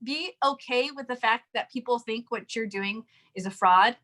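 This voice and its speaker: A woman in casual chat, coaching on recruiting sales partners, animated and quick to laugh. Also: a little high. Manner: animated, laughs often, acts out quoted people. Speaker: network marketing coach.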